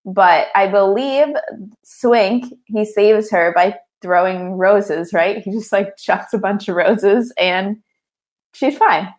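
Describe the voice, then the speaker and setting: A woman's voice: medium pitch, takes it slowly. A young woman co-hosting a podcast who chats and giggles her way through a movie recap, with many fillers. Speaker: podcast co-host. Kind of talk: casual movie recap chat.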